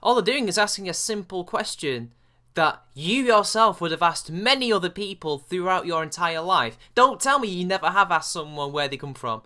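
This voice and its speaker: A man's voice: high-pitched, expressive, moderate pace, sharp tone. A man from England with a British accent, hosting a sarcastic reaction commentary, mocking and swearing in exasperation. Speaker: commentary video host.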